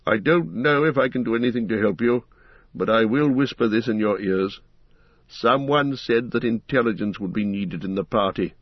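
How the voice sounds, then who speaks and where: A man voicing an ancient male wizard, speaking in a grave, measured and authoritative way. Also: on the low side, no echo, muffled recording, close to an everyday voice.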